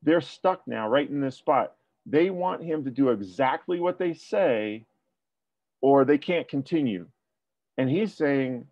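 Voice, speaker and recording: A man's voice: medium pitch, lively intonation, unhurried, no room sound, dull audio. A man working as a police tactics trainer, talking through a debrief and asking rhetorical questions. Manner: explanatory, asks rhetorical questions.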